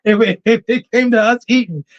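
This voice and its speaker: Speaking a little fast in a very high voice, this man hosts a casual livestream, chatting loosely in slang with laughter and restarts. The stream audio is dull and lo-fi.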